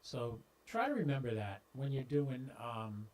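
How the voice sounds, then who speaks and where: A man's voice: mid-range voice, sing-song, unhurried, a little mellow, poor audio. A man hosting a ham radio livestream, talking straight to viewers in a folksy, joking way about radio practice, with a clip-on mic on his shirt. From southeastern US. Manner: folksy, talks directly to viewers, stumbles into jokes. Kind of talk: casual livestream talk. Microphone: clip-on microphone on shirt. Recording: popping and scratching from mic.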